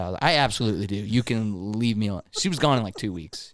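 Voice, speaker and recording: A young man with a fairly low voice, recorded close and dry with no room around him. He tells workplace stories in a mocking, profane, casual way, the way a podcast host chats with a friend. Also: expressive, quick pace, no room sound. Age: 20s. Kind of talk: casual chat.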